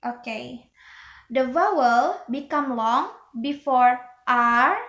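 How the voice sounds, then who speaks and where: A woman's voice: high-pitched, takes it slowly, pauses often, reverberant. A young woman from Indonesia giving a student class presentation, hesitant, with many fillers and restarts. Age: young adult.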